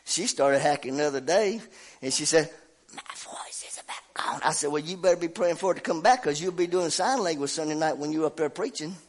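A middle-aged preacher with a congested, slightly hoarse voice from a cold, pitched a touch high for a man. He preaches in a folksy, animated way, swinging between loud bursts and quiet asides, and chuckles at his own stories. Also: fast. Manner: folksy, animated, laughs at himself. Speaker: pastor. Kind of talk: sermon with personal story.

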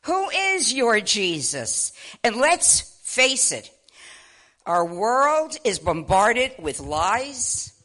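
An older woman preaching a sermon, impassioned, swinging between loud exclamations and low asides. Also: big pitch swings, extremely slow. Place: church.

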